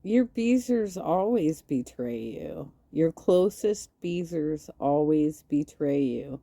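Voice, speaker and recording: A woman hosting a commentary show, speaking in a calm, measured, lecturing way. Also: low-pitched, no room sound. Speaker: commentary host. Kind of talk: commentary over clips.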